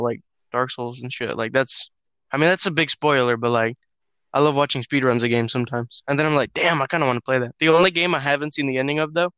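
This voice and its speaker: Bright, crisp-voiced young man joking. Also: medium pitch, no room sound. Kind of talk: casual podcast chat.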